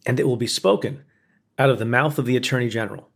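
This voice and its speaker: Gravelly-voiced man reading pointed commentary. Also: medium pitch, fast. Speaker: former prosecutor narrating commentary. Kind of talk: reading a scripted opinion essay.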